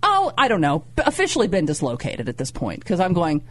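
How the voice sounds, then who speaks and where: A woman co-host telling a funny personal story in casual chat, acting out her own panicked voice with high squeals. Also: fairly quick. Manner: animated, squeals in high pitch when acting out pain. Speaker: radio show co-host.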